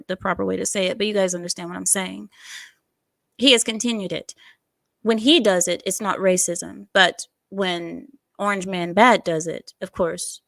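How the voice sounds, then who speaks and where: A woman's voice: mid-range voice, fairly bright tone, no room sound. Sarcastic woman doing casual news commentary. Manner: sarcastic, digressive, laughs at herself. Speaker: online commentary host.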